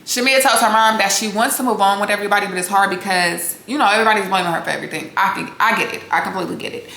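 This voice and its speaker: A woman's voice: mid-range voice, very fast, creaky, pushed and bright. A woman hosting a reality TV recap, talking casually to her viewers in a blunt, sassy and profane way. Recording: echoey room with faint noise.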